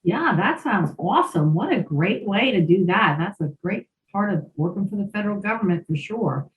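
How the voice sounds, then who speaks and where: A woman co-hosting a career podcast, chatting in a lively, talkative way and telling anecdotes. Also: medium pitch, normal speed, phone-quality sound. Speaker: podcast co-host, career coach. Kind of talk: casual chat. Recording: roomy, distant mic, faint background noise.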